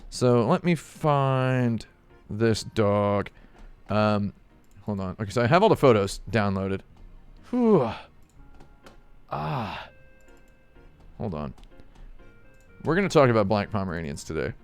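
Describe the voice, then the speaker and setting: A man's voice: fairly low pitch, very animated, slow pace, long pauses, clean tone, soft background music. A man streaming live, chatting casually and rambling with jokey asides to his chat.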